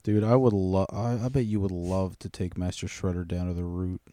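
A man co-hosting a comedy podcast, swearing and joking with crude humour, humming tunes and breaking into loud bursts. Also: sits low, level tone, moderate pace, no echo, clean studio sound. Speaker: podcast co-host. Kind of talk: casual comedic chat.

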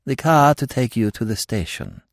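A man voicing a calm, efficient young male secretary, speaking quietly and in a clipped way. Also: medium pitch, normal speed, dry recording, studio quality, lightly acted. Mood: cool.

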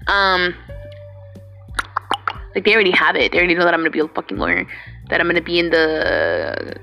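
A woman's voice: fairly low pitch, animated, fairly quick, creaky, pauses often, bright, forceful tone, faint music behind. A young woman recording a personal video message to her partner, rambling and swearing freely, with Spanish words mixed in. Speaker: vlogger addressing her partner.

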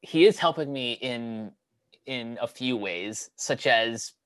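A young man talking casually on a podcast, halting with many fillers and restarts. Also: mid-range voice, a bit bright, dry recording. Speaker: podcast co-host. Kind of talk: casual chat.

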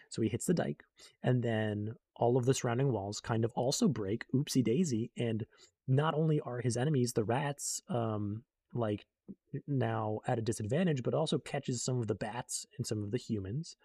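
A man's voice: mid-range voice, moderate pace, warm tone, slightly rough, no echo. A young man casually recapping a book in a rambling way, full of fillers, and briefly acting out the characters he quotes.

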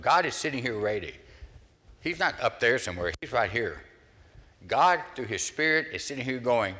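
Older Southern male pastor, low-pitched, animated sermon storyteller, reverberant hall. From American South. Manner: storytelling, animated delivery with acted-out voices.

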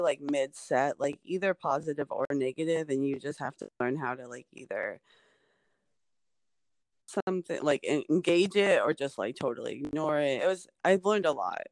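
A woman's voice: low voice, no echo. A woman comedian talking in a casual podcast chat, rambling with many fillers like "like" and "um". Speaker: stand-up comedian, guest.

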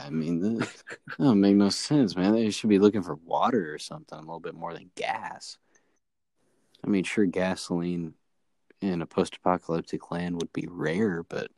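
A laid-back man trading jokes in a relaxed conversation, full of slang. His voice sits fairly low. The recording is close and dry, with no room sound. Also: gravelly, no room sound. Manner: laid-back, slangy, jokey, says "dude" often. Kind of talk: casual chat.

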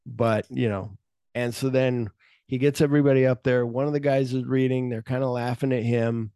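A man hosting a casual movie podcast, retelling film scenes and slipping into quick offhand impressions of the characters. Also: mid-range voice, steady tone, dark tone, dry recording, studio quality. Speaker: podcast host.

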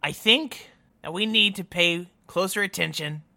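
A man's voice: high-pitched, unhurried, creaky, bright, forceful tone. A man playing a character in a tabletop game, joking and laughing often. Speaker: player.

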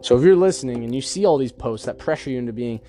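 Man, mid-pitched, talking solo on a podcast, chatty and reflective, soft music faintly underneath. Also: lively intonation, fast. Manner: chatty, acts out imagined dialogue. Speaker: podcast host. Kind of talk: casual self-help monologue.

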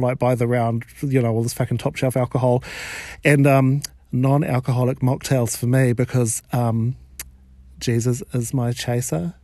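A man with a New Zealand accent tells comic stories in a camp, animated way, swearing without a second thought. His voice has a gravelly edge, and the recording is dry and close with no room sound. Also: mid-range voice, no room sound. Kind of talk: stand-up style comic storytelling.

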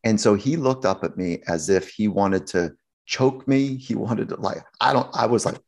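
A man speaking as a sports psychologist guest, telling anecdotes in an animated way, acting out the voices he quotes and laughing often. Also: fairly low pitch, normal speed. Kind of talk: anecdotal storytelling in conversation.

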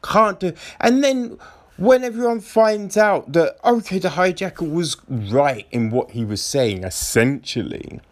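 A man giving a profane, exasperated review of a show, mocking its characters in high put-on voices. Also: lively intonation, measured pace. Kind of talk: ranting casual review.

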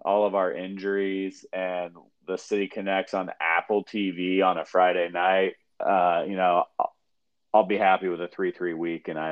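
A man with a very low voice explains things patiently on a casual sports podcast and asks follow-up questions. His recording sounds slightly dull and lo-fi. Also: clean tone. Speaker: podcast co-host.

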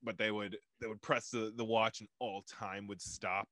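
A man's voice: lowish voice, steady tone, moderate pace, a bit bright, dry recording, clean studio sound. A young man co-hosting a podcast, chatting in a laid-back, rambling way with many hesitations. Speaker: podcast co-host. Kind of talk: casual chat.

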